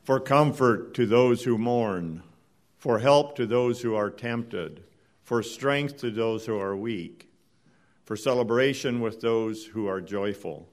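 A man from the congregation reading very slowly and deliberately. His voice sits low for a man and is heard from away from the mic. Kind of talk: responsive reading.

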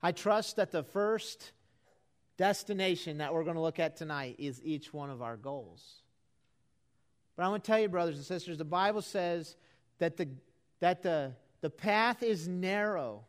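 Preacher guy in an auditorium, kinda high voice, chatty then gets earnest. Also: animated, normal speed. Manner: folksy, conversational, building to earnest emphasis. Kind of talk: sermon. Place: auditorium with live congregation.

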